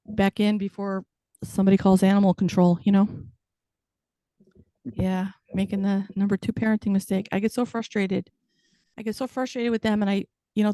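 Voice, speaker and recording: A woman's voice: mid-range voice, mellow, no room sound. A woman in her fifties performing a stand-up comedy set with wry, self-deprecating punchlines. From United States. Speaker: stand-up comic.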